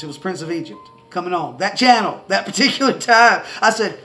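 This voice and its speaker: A man with a high voice talks to a camera in his country home and tells his faith testimony in a loose, rambling way. He stumbles, repeats himself and chuckles often. Faint music plays behind him. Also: brisk, few pauses, a bit bright. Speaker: person giving a religious testimony. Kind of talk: casual storytelling to camera. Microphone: camera in front of a seated speaker.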